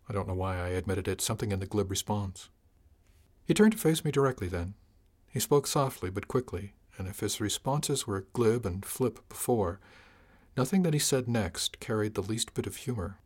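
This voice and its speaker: A male audiobook narrator with a somewhat low voice tells the story in the first person. His reading is measured and reflective, scripted narration at an even pace. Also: husky.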